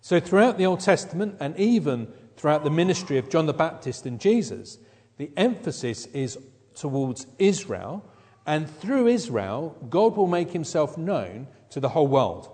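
Male preacher, slightly high voice, emphatic expository sermon, hall reverb. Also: darkish tone, slightly rough. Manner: expository Bible teaching, emphatic.

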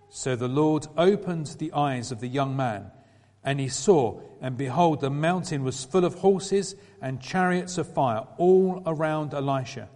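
A man reading a scripture passage aloud in a measured way, lifting his voice a little for quoted speech. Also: medium pitch, a little mellow. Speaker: scripture reader. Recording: long reverberant hall.

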